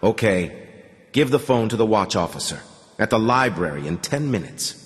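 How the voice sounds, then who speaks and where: A man voicing a gruff older male colonel with a rusty, cracked, grating voice who speaks in clipped, impatient orders. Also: lowish voice, sing-song, moderate pace, long reverb tail. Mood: curt.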